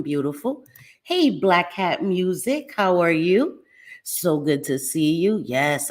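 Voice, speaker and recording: A woman hosting a casual livestream, lively and affectionate, greeting viewers by name with pet names like sweetie pie. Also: lowish voice. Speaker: livestream host. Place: home in New Jersey.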